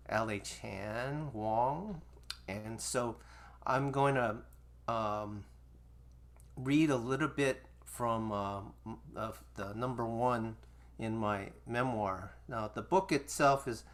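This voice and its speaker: A man, speaking at an average pitch. He talks loosely and conversationally, circling back and restarting his thoughts as he shares memoir passages with an online audience through a video call mic. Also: fairly bright tone. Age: 60s. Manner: rambling and conversational, full of restarts. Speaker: musician and Asian American studies teacher. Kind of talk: casual talk with memoir reading to an online audience.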